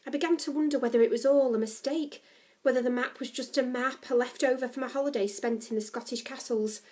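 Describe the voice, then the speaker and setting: A woman reading a novel aloud, narrating the story in a steady, expressive way. Her voice sits a little on the high side. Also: quick pace. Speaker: story reader.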